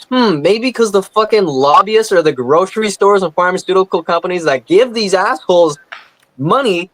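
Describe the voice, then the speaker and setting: A man rants with plenty of swearing on a comedy podcast. His voice sits a little higher than most men's, and his delivery is indignant and steady. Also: moderate pace, poor audio. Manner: profane, indignant ranting. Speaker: podcast co-host. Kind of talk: casual comedy podcast rant.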